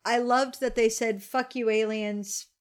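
A woman's voice: fairly high pitch, fairly even intonation, a little slow, clear, resonant tone. A woman in her forties hosting a casual podcast chat over wine, candid and grumbling, swearing freely. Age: 40s. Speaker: podcast co-host.

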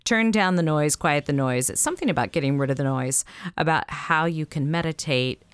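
A woman with a Southern US accent co-hosting a podcast, chatting in an animated way, laughing often and trailing off mid-sentence. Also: low-pitched, a little fast, smooth, no echo. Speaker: podcast co-host. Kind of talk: casual chat about witchcraft practice.

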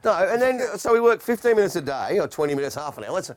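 A man's voice: sits high, quick pace. A middle-aged man trading jokes on a podcast, his voice bouncing up and down as he talks. He laughs a lot and keeps the chatter light and rambling. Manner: joking, laughs often, lively sing-song delivery. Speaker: podcast co-host, comedian. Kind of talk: casual comedic banter.

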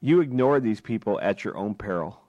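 A man's voice: fairly low pitch, expressive, brisk, warm tone, no echo. A man hosting a talk radio show, delivering an impassioned political monologue full of rhetorical questions from a studio microphone.

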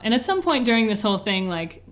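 A woman's voice: on the high side, sing-song, fast talker. A woman in her twenties, telling a personal story to an interviewer in a chatty way, full of "like" and "you know". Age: 20s. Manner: chatty, lots of "like" and "you know", laughs often. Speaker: interview guest.

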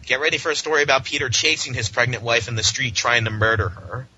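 A man's voice: mid-range voice, fast talker, slightly rough. A man co-hosting a podcast, ranting sarcastically and mockingly in a casual comic book discussion. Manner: sarcastic, mocking, animated rants. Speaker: podcast co-host. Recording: dull lo-fi with faint hiss.

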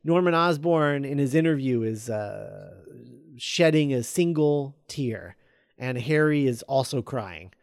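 A man's voice: medium pitch, slow pace, creaky, no echo, studio quality. A man chatting casually, retelling a script scene by scene with many fillers and quoted lines. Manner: rambling with many fillers, quoting characters in a flat relaying voice.

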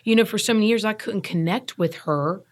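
A woman's voice: medium pitch, brisk, a little mellow. A woman in her thirties, a guest telling her recovery story in an earnest, emphatic way, often repeating herself to stress a point. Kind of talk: candid personal storytelling.

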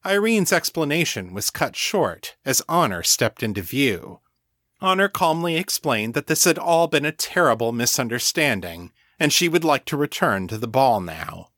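Man recapping a story, lively. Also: medium pitch, moderate pace, no room sound, clean studio sound. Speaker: podcast host recapping the story. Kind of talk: scripted recap narration.

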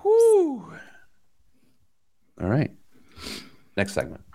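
American man, podcast host, lively swooping pitch, dry close sound, self-mocking storyteller. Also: moderate pace, no room sound. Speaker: youth soccer coach. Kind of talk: casual storytelling chat.

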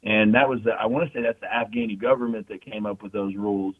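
A man's voice: lowish voice, steady tone, a little hiss or hum. A man telling war stories in casual, profane talk, full of fillers and repeated "you know what I mean". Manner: casual, profane, fast storytelling with frequent fillers. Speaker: military veteran guest. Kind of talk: casual storytelling. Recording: tinny phone-like sound.

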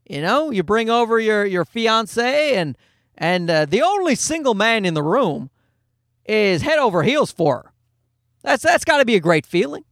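A man's voice: sits high, a bit bright, dry recording, clean studio sound. A man of forty telling rambling, wry comic stories in a casual monologue, with some swearing. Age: 40s. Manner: rambling, wry storytelling with profanity.

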